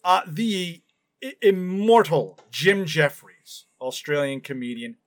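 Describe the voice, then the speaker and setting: A man co-hosts a podcast in loose, playful chat and laughs easily. His voice sits high and swoops around a lot as he talks. He keeps things light and jokey. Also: very animated, takes it slowly. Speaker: podcast co-host. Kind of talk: casual chat.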